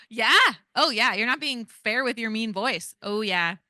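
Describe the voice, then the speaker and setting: A woman in her thirties leads a parenting workshop in a loose, chatty manner, tossing in "like" and "right?" as she goes. Her voice is bright and crisp, smooth and clear. The sound is dry and close. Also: on the high side, takes it slowly, no echo. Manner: casual, chatty, many "like" and "right?". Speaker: parenting educator leading a training. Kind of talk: interactive workshop talk.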